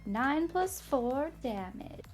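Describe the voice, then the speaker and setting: A woman playing in a tabletop game, talking slowly and haltingly with many fillers. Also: sits high, expressive, faint music behind. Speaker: player. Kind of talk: casual tabletop play.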